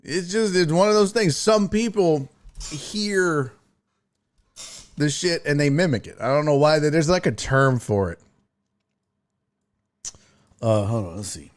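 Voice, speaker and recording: A man's voice: fairly high pitch, animated, measured pace, pauses often. A man hosting a casual live-stream talk show, reading chat messages and riffing with profanity and laughter.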